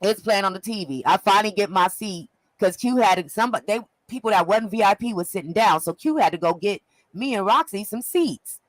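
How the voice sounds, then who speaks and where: Woman, casual gossip, lively storyteller, dry close sound. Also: medium pitch, fairly quick, dry recording, low-quality recording. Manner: animated storyteller, laughs often, acts out quotes. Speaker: co-host recapping an event.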